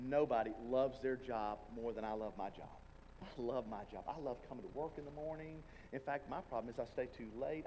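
A slightly high-voiced man delivers a sermon from the pulpit, speaking earnestly and conversationally and slipping into the voices of weary people at prayer. His voice rings out with a long hall reverb over faint background noise. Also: darkish tone. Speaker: pastor. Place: church sanctuary.

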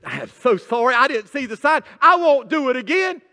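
A man's voice: very high-pitched, sing-song, moderate pace, pushed and bright, heavily acted. A man voicing a naive, overly polite male driver who pleads and apologizes. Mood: pleading. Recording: long hall reverb.

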